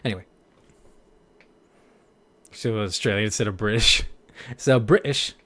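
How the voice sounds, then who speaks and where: A man's voice: lowish voice, measured pace, fairly bright tone. A young man voice actor chatting casually with viewers, rambling with lots of "like" and laughing at himself. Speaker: voice actor streamer. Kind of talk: casual chat.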